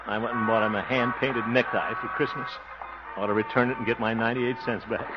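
Man doing a blustery flustered small-town man, sputtering, grumbling asides, 1940s radio sitcom, loud hiss. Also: mid-range voice, fairly even intonation, fairly quick, lightly acted. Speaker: lead of the show. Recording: dull old radio recording, loud hiss.

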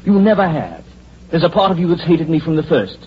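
A suave, scheming company boss. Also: male voice, on the high side, big pitch swings, a little fast, slightly rough, heavily acted. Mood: mocking. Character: smooth, scheming male corporation president, mocking. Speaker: company president. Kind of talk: 1940s radio acting. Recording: dull lo-fi old radio recording with faint hiss.

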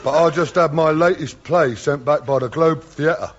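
A man's voice: on the high side, moderate pace. A man speaking in a plain-spoken, dim and cheerful way in a radio comedy sketch. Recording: dull radio recording with loud audience laughter.

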